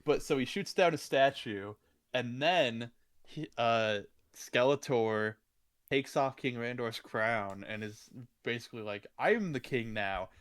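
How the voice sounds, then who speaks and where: A man's voice: medium pitch, unhurried, clean tone. A young man in his twenties co-hosting a podcast, retelling movie scenes in an easygoing way. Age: 20s. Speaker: podcast co-host. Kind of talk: casual film review chat.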